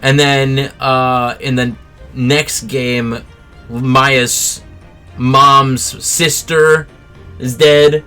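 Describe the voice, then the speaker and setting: A woman streaming a game, excitable, swearing and laughing as she reacts. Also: extremely low pitch, drawn-out words, clean tone, faint music behind. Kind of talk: casual let's-play chat.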